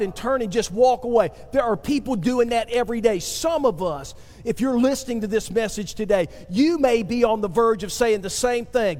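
A man preaching a sermon, building to emphatic swells and drawing phrases out slowly. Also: extremely high pitch, lively intonation, a little mellow, big-room sound. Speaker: pastor.

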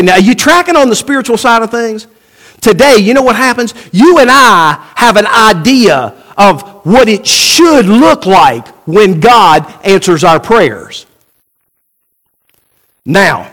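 A male pastor delivers a sermon in an animated preaching manner. His voice sits high and swings widely in pitch. He keeps asking the congregation rhetorical questions and acts out the people he quotes.

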